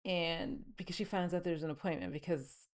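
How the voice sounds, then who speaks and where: Low-voiced woman reading her own novel. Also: moderate pace. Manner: reads the scene plainly, then breaks into chatty asides. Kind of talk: book reading with commentary.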